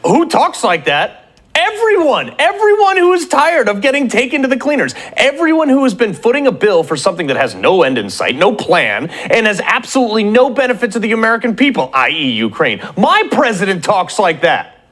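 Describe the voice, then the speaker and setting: A man's voice: high voice, wildly swooping pitch, fairly quick, a bit bright. A man delivering a fiery political opinion monologue, combative and rhetorical, hammering phrases through repetition. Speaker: political commentator.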